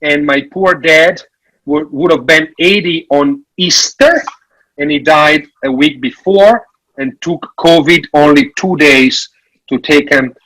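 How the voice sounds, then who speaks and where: A man from Italy, giving a frank, animated workshop talk on finances with some jokes. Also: a little high, takes it slowly, poor audio. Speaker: workshop speaker on parish finances. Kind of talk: conference presentation.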